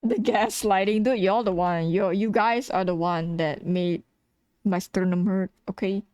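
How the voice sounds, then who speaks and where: The woman's mid-range voice is steady, a little slow, and a touch mellow, with a clean tone and no room sound. Tired, she chats casually while drawing on stream, with lots of laughter, swearing, and self-teasing.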